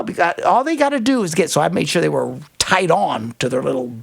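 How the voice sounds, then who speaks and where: An older man hosting a radio talk show, in casual studio chat, delivering exasperated, animated rants broken by laughter. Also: fairly high pitch, quick pace, gravelly, hardly any pauses, husky.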